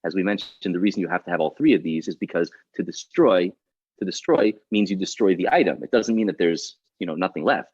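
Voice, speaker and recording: A man's voice: sits low, brisk, a little mellow, breathy edge, dry recording. A man, a rabbi, teaching a class on the text in a dramatic way, explaining and then acting out the story. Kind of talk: animated Torah class. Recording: muffled lo-fi recording.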